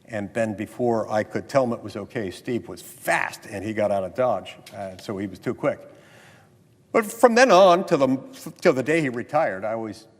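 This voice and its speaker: American senator speaking in an echoing chamber. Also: male voice, lowish voice, lively intonation, moderate pace. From United States. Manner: storytelling, mimics others in quotes, then earnest and insistent. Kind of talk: floor speech mixing anecdote and argument. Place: legislative chamber. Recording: long reverb of a large chamber.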